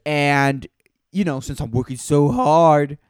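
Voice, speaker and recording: Guy rambling solo on his podcast, kinda high voice, stops and restarts a lot, dry sound. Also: clear, resonant tone, no room sound. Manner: halting, self-critical, many restarts. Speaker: podcast host. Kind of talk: casual monologue.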